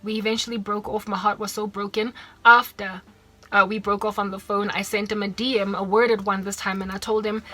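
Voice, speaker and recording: With a flat delivery, sharp tone, and medium pitch, a South African woman speaks a little fast on her vlog. She tells a personal story in her South African accent, emotional and repeating herself as she quotes the people involved.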